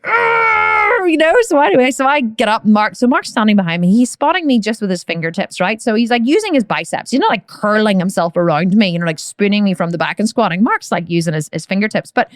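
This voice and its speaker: Chatty female podcast host, mid-range voice, lively storytelling, dead-dry room sound. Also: mid-range voice, quick pace, few pauses, dry recording. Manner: animated storyteller, acts out shouts and strain; chatty, frequent fillers like "you know" and "right".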